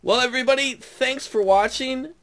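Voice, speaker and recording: A young man commentates his own football video game in a let's play, his very high voice bright and pushed at a normal speed. He is frustrated and rants at the coach.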